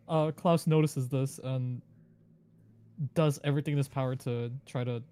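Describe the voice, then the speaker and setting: A man's voice: mid-range voice, mellow, clean tone. A man playing a tabletop game who talks casually and asks unsure questions about the rules. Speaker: player.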